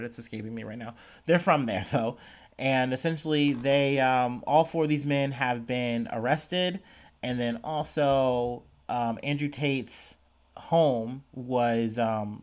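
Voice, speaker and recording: Young male podcast host, casual solo news chat, lots of "like" and "um", self-mocking. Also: mid-range voice. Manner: rambling, filler-heavy, self-deprecating.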